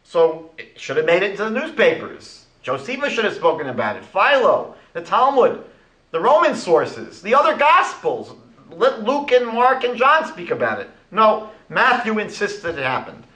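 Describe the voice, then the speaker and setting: A man giving a lecture as a rabbi, animated and rhetorical, retelling conversations. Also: high-pitched, echoey room, rough recording.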